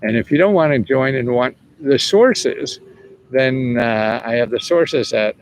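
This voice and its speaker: At a measured pace and medium pitch, a seventy-something man chats casually on a livestream with slight background noise. He answers viewers' questions about government money in a rambling way, often chuckling and swearing freely.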